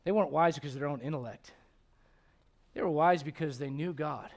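A man's voice: fairly high pitch, brisk. A man preaching a sermon to a congregation, emphatic and driving his points home with repeated rhetorical questions. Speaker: pastor. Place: church service before a congregation.

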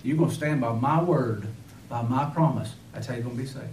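A man's voice: medium pitch, a little fast, darkish tone, a little hiss or hum. A man preaching a sermon with fervor, firing rhetorical questions and breaking into sudden emphatic bursts. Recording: echoey room, voice from far off.

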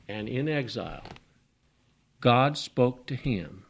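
A man preaching a sermon at a middle pitch. His delivery swings between big, emphatic rises and quiet, almost whispered passages as he reads scripture and then expounds on it. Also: big pitch swings, a little slow, vocal fry, husky. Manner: swings from loud emphatic rises to hushed, near-whispered lines.

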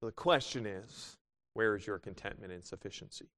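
A male pastor preaching a sermon, moving from loud exclamations to quiet asides and reading scripture in older biblical wording. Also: on the low side, moderate pace. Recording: long hall reverb.

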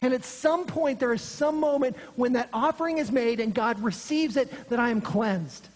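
A preacher giving an earnest expository sermon, dropping low and quiet for emphasis, recorded in a church sanctuary. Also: moderate pace, soft background music. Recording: long hall reverb.

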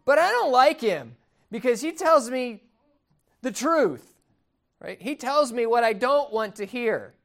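A man's voice: extremely high pitch, expressive, measured pace, gravelly, a bit bright. A man preaching a sermon in a conversational, amused storytelling manner.

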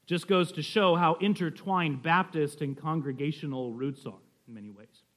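A man's voice: a little high, normal speed, a bit bright. A man teaching a class on church history in a conversational way, telling stories and often checking in with his listeners. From California.

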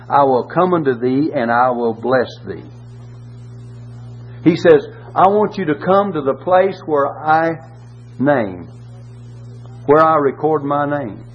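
A man preaching a Baptist sermon, reading scripture slowly and adding folksy asides. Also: medium pitch, expressive. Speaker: Baptist pastor. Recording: dull lo-fi with faint hum.

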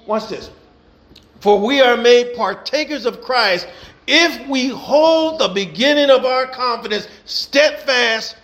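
A pastor with a high-pitched, gravelly, rough voice that's a bit bright delivers a sermon. He drives his points home with repetition and emphatic call-outs to the congregation.

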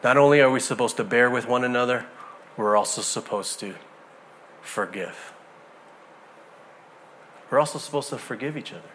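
A middle-aged man preaching a sermon, telling a personal story in a conversational, animated way with frequent restarts. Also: medium pitch, moderate pace, long pauses, a little hiss or hum. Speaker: pastor.

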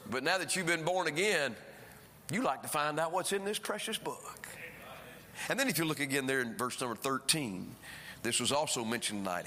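A man preaching a sermon, swinging between emphatic rises and quiet drops as he speaks. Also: a little high, animated, normal speed. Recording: preaching in a reverberant church hall.

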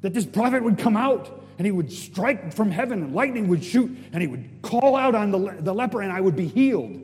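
A man voicing an indignant, proud army general who loudly complains and shouts in outrage. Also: high-pitched, very animated, fairly quick, long reverb tail, a little hiss or hum, pitched above the performer's own voice. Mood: outraged.

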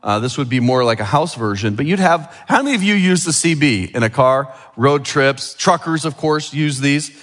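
A man's voice: mid-range voice, expressive, moderate pace, hardly any pauses, a bit bright, in a large hall. A middle-aged male pastor giving a sermon with a children's object lesson, chatty and full of questions to the room. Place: church sanctuary.

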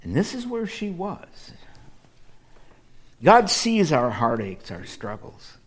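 A middle-aged male pastor from the Midwest preaching a sermon, addressing his congregation directly and moving from loud emphasis to hushed near-whispers. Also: on the high side, wildly swooping pitch, slow. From American Midwest.

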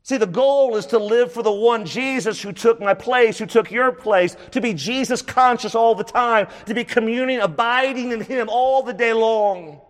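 A man's voice: very high voice, moderate pace, hardly any pauses, long reverb tail. A man preaching a sermon as pastor, emphatic and repeating key phrases for stress.

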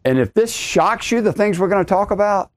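A man's voice: high voice, expressive, fairly quick. A middle-aged man preaching a podcast sermon, emphatic, repeating his key lines and rising sharply on exclamations.

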